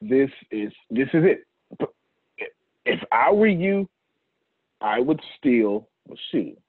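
A man's voice: mid-range voice, big pitch swings, takes it slowly, husky, dry recording. A man hosting a casual business team meeting, joking and laughing as he gives out tasks. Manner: laughing, joking, repeats himself. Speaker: host leading a team meeting. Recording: tinny phone-like line.

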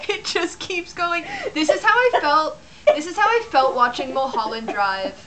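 A woman's voice: high-pitched, expressive, moderate pace, background noise. A woman co-hosting a podcast, chatting casually about a film, with mock-serious irony and frequent laughs. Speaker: podcast co-host. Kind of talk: casual chat reacting to a film. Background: film music playing.

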